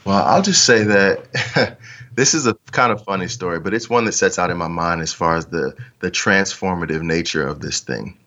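A man's voice: deep voice, expressive, normal speed, bright, forceful tone, dull audio. A man interviewed as a podcast guest, telling a story in an earnest, reflective way with trailing restarts.

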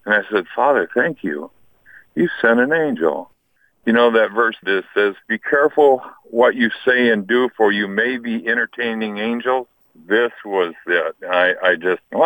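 A man's voice: medium pitch, no room sound. A man giving a heartfelt personal faith testimony as an interview guest. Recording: tinny phone-like sound.

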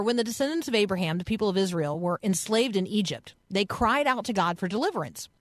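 A woman hosts a radio program and unpacks a Bible passage in an earnest, explanatory voice. Her pitch sits in the middle of the range, and the studio sound is dry and close. She talks it through casually, as if thinking aloud. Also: no echo. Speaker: radio host. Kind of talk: conversational Bible teaching on radio.

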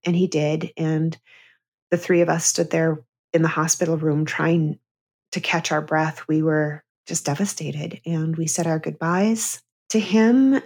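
A middle-aged woman with a lower-pitched voice speaks as an interview guest. Her storytelling is earnest and candid, moving from heavy memories toward easy laughter. She sounds like a therapist with a comedian's timing. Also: darkish tone. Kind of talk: heartfelt personal storytelling in a podcast interview.

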